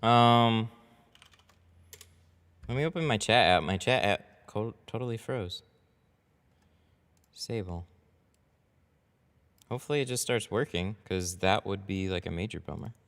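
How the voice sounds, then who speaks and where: A man with a fairly low, slightly bright voice talks casually into a headset while tinting a window on a live stream. He's unhurried and pauses often, chatty and loose, swearing now and then when something goes wrong.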